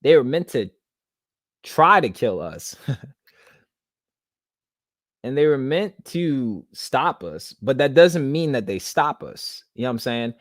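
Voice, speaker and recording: A man's voice: mid-range voice, big pitch swings, slow, long pauses, dry recording, studio quality. A young man hosting a podcast monologue, rambling with many restarts and holding back tears. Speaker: podcast host. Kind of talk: casual monologue.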